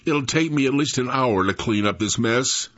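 A man's voice: mid-range voice, lively intonation, normal speed, fairly bright tone, no echo, lightly acted. An old man voicing a caring, busy farm mother in a raised, coaxing voice. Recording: dull lo-fi recording.

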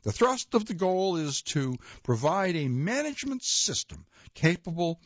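Husky man reading nonfiction aloud, lively pitch. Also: dry recording. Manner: measured reading with occasional slips and self-corrections. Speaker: reader. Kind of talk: read-aloud nonfiction narration. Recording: dull lo-fi dry recording.

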